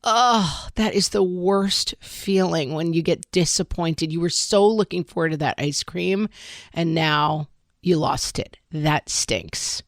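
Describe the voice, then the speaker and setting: A woman's voice: fairly low pitch, takes it slowly, no echo, clean studio sound. A middle-aged woman co-hosting a parenting podcast, talking candidly and a little self-deprecatingly, thinking aloud with lots of "like.". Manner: candid, self-deprecating, talks through thoughts with many "like"s. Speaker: podcast co-host. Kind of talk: casual parenting chat.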